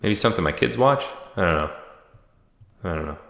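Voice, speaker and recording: A man hosting a casual livestream at home, joking and reading viewer comments and shout-outs aloud. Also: deep voice, animated, a little fast, gravelly. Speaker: livestream host. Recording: echoey room with long reverb.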